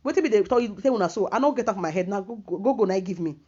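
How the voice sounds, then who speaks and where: A woman's voice: mid-range voice, animated, rapid-fire, mellow, slightly rough. A middle-aged woman with a Nigerian accent giving earnest advice in a casual vlog, lecturing and mixing pidgin with English. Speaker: vlogger. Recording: dull lo-fi recording.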